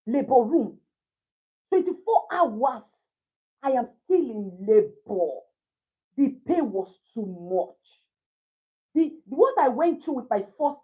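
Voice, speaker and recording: Nigerian woman, 30s, livestream host; animated chatty storyteller, a bit husky and high, slightly dull lo-fi sound. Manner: animated, laughing, switches into pidgin. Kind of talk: casual storytelling to a live chat.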